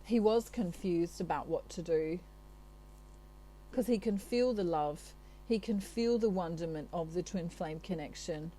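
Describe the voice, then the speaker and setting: A woman's voice: fairly low pitch, a little slow, warm tone, a little hiss or hum, low-quality recording. A woman from Australia giving a channelled tarot reading in a chatty, reassuring way, with many asides. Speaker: tarot reader.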